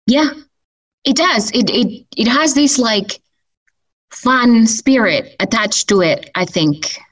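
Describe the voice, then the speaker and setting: A woman's voice: a little high, lively intonation, slow pace, fairly bright tone, recorded from a distance, rough recording. A woman whose first language is Spanish, chatting as an interview guest in English, full of fillers. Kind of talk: casual conversational interview.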